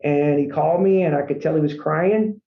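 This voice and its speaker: A man's voice: a little high, normal speed. A man who runs a franchise company, guest on a podcast, telling his story in an earnest, rambling way and often saying "man". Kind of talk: casual storytelling interview. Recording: echoey room, dull lo-fi sound.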